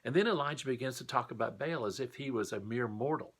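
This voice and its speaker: A man's voice: mid-range voice, quick pace, a bit bright, slightly rough. A man teaching a recorded Sunday school lesson, telling a Bible story in a friendly, explanatory way.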